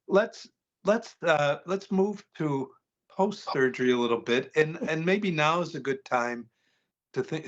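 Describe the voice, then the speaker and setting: A male host interviewing a guest, halting and searching for words, with frequent laughs. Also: medium pitch, a bit bright. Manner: hesitant, many fillers and restarts, laughs often. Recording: slightly dull, lo-fi sound.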